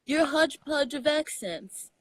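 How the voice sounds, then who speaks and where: A young adult woman from Texas with a Southern accent, chatting casually as a comedian guest, animated and laughing often. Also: high voice, normal speed, no room sound, rough recording. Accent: Southern US, Texan. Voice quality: animated storyteller, laughs often, mixes in slang. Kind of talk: casual chat.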